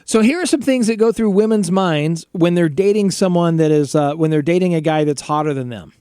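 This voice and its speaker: A man's voice: a little high, a little fast, warm tone, clear, resonant tone, no echo, studio quality. A man co-hosting a live stream, teasing and chatting casually with many restarts. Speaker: co-host. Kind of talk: casual banter.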